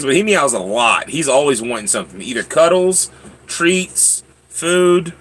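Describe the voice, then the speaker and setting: A man's voice: very animated, a little slow, fairly bright tone, breathy edge. A man hosting a casual livestream, chatting with viewers and answering their comments. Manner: chatty, talks to his pets in a high coaxing voice. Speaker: livestream host.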